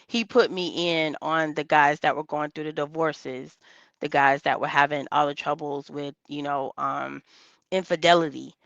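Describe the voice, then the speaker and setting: Earnest bright-voiced woman caller, lo-fi line. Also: sits low, fairly even intonation, normal speed, creaky, no room sound. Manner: earnest, rambling, with many restarts. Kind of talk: casual call-in chat.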